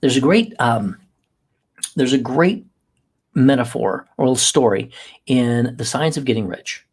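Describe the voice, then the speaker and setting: A man's voice: medium pitch, animated, measured pace, a little mellow, breathy edge. A man hosting a podcast, delivering an emphatic motivational monologue that repeats key phrases to exhort the listener. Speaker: podcast host.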